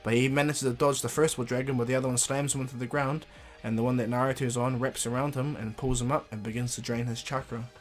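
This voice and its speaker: A man's voice: mid-range voice, fairly even intonation, fast talker, hardly any pauses, faint music behind. A man casually retelling a fan story, rambling with frequent fillers and restarts.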